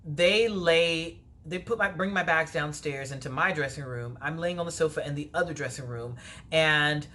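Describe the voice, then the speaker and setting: A woman telling a personal story in a vlog, animated and lively, her voice leaping up when she replays her own words. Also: low-pitched, normal speed, a little hiss or hum. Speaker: vlogger.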